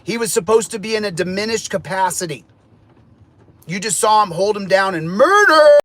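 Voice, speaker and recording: A man's voice: sits high, fairly even intonation, a little fast. A man on an angry rant, furious and preachy, who swears and repeats himself over and over. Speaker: guest who checks in.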